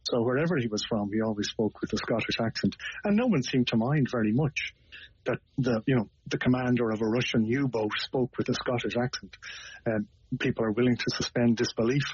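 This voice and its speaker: A man with an Irish accent, a guest on a radio discussion, explaining things in a measured way with small hesitations. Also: medium pitch, slight background noise. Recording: dull lo-fi radio broadcast.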